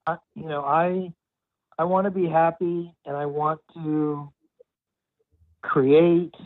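A man speaking as a client in a counseling conversation, halting and reflective as he talks about himself. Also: fairly high pitch, flat delivery, no echo. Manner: hesitant, halting, self-reflective. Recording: dry tinny phone line.

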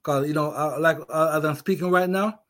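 A man's voice: on the high side, brisk, a bit bright. A middle-aged man with an accent, a veteran, giving a casual, emphatic opinion monologue with many restarts. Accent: non-native English. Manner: emphatic, repetitive, restarts often. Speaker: veteran commentator.

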